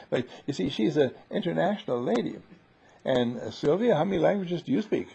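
A man with a gravelly, husky voice talks in a loose, rambling, playful way, stopping and restarting as he goes. His tone is dark and mellow, and the lo-fi recording sounds dull. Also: a little high, expressive, a little fast. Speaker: seminar leader. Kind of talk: casual group conversation.

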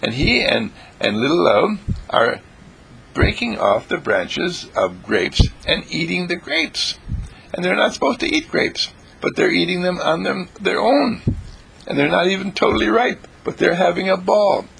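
Animated but unhurried, a man delivers an exuberant inspirational monologue in a husky, gravelly voice with a fairly bright tone. He swoops between high exclamations and low murmurs and repeats himself, with slight background noise present.

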